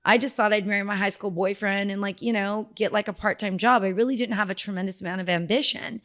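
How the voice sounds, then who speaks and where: A middle-aged woman from Southern California, a dermatologist guest telling her life story in a casual interview, animated and acting out the voices of people she quotes. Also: medium pitch, fast.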